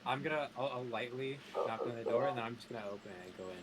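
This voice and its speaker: A man playing in a tabletop game, describing his actions in a halting, self-correcting way. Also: medium pitch. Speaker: player. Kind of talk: casual tabletop play.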